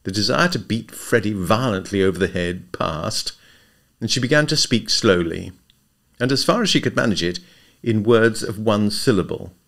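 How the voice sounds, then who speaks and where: A man narrating a comic novel as an audiobook reader, with expressive storytelling. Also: fairly low pitch, moderate pace, gravelly. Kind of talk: scripted narration.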